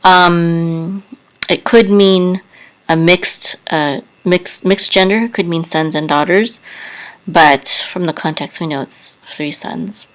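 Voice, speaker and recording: Woman, language teacher, deep for her sex, slow and soft-spoken, patient. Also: fairly even intonation, poor audio. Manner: soft-spoken, careful, spells out sounds with many fillers. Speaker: Hebrew teacher.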